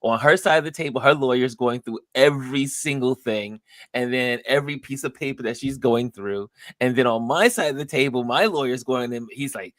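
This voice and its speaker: Man, live stream host, casual chat, animated storyteller, dry close sound. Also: mid-range voice, moderate pace, no room sound. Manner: animated storyteller, acts out others' lines.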